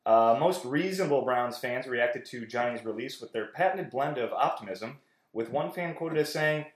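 A man's voice: mid-range voice, expressive, moderate pace, echoey room. A man co-hosting a casual comedy sports podcast, reading out news items with a dry, wry delivery. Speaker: podcast co-host.

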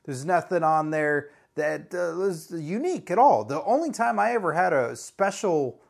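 A man's voice: fairly high pitch, lively intonation, moderate pace, gravelly. A man hosting a podcast in a casual, rambling solo monologue, sounding frustrated and wry. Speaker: podcast host.

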